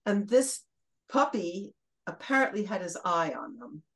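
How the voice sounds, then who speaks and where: An older woman from Brooklyn, guest on a chat show, tells stories with relish. She laughs between phrases, acts out the lines people said, and lets the tale run on in a steady, mid-range voice. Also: medium pitch, a little slow, poor audio. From Brooklyn, USA. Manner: lively anecdotal storyteller who laughs mid-sentence and acts out quotes. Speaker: guest, former children's TV host. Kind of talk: casual storytelling interview.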